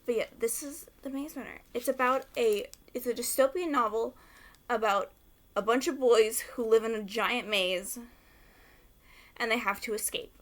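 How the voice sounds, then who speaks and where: A young woman rambling excitedly to camera about favorite books, swearing freely. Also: on the high side, moderate pace. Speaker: book vlogger. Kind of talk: casual rant to camera.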